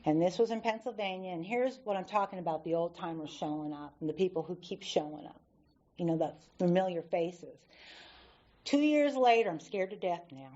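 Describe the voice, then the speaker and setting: Woman, low-ish voice, candid recovery talk at a podium, dull lo-fi recording. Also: a little fast. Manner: candid, animated storytelling with acted-out quotes. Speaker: AA speaker.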